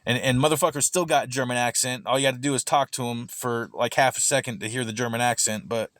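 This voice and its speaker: With a steady, medium-pitched and fairly bright voice, a streamer talks at a quick pace, free of echo. He reacts to a recorded debate with heated, profane commentary, often stumbling over and repeating words.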